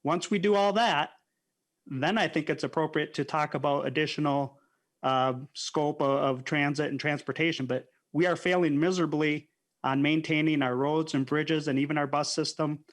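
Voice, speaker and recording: A man's voice: on the high side, steady tone, normal speed. A man, a state legislator, arguing firmly in a committee hearing and pressing his points. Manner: firm, argumentative, repeats points.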